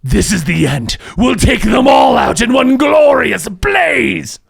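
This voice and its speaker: A man voicing a fanatical older male dictator villain who makes grandiose, shouted speeches in a tabletop game. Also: fairly high pitch, lively intonation, normal speed, gravelly, slightly rough, voice pushed down, full character voice.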